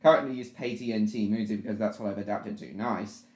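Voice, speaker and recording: A man's voice: on the low side, fairly even intonation, fast, darkish tone, echoey room. A man hosting a live stream from home at his laptop, rambling, apologising and answering his chat by name in a casual way. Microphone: laptop mic.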